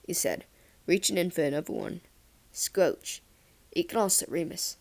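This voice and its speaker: A woman narrating a fan-fiction audiobook in a calm, steady storytelling voice. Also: lowish voice, moderate pace.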